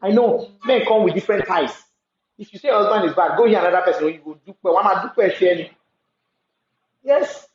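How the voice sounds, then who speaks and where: A woman's voice: mid-range voice, animated, fast talker. Nigerian woman, casual monologue, emphatic storyteller, echoey room, slightly muffled sound. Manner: talkative, emphatic storytelling with repetitions.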